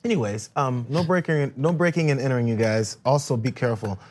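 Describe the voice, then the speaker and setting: Fast-talking animated man hosting a podcast. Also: mid-range voice. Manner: animated storyteller, laughs often. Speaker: podcast host. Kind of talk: casual chat.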